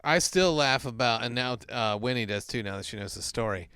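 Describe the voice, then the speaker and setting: A man's voice: mid-range voice, fairly quick, sharp tone, clean tone, no echo, studio quality. A man co-hosting a podcast in casual comedic chat, teasing his partner and laughing hard through his own stories. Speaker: podcast co-host.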